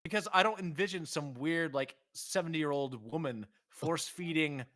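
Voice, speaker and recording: A man co-hosting a casual football podcast, talking animatedly with frequent laughs and quick restarts. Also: a little high, a bit bright, dry recording. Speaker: podcast co-host.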